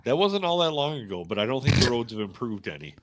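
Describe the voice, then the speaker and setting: A man's voice: mid-range voice, sing-song, quick pace. A man co-hosting a casual remote podcast, dropping short dry wisecracks. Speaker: podcast co-host. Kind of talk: casual podcast chat over remote call.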